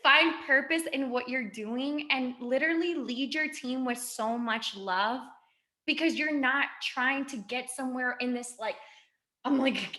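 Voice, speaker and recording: Pushed and bright, her high-pitched voice carries a gushing, emotional motivational talk. She is a woman in her twenties appearing as a guest speaker on a video call, chatting rapidly.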